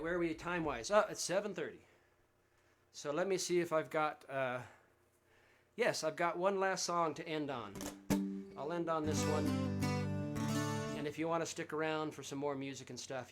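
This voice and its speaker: A man's voice: fairly high pitch, steady tone, normal speed, over loud music. A man, a singer-songwriter from Central Texas, chatting casually between songs during a livestream concert from home, rambling and friendly with plenty of fillers and restarts. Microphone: livestream setup.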